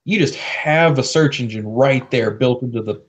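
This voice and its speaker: A man's voice: mid-range voice, moderate pace. Laid-back young man, dull call audio. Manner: laid-back, swears, says "like" a lot. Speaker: podcast co-host. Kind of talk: casual chat.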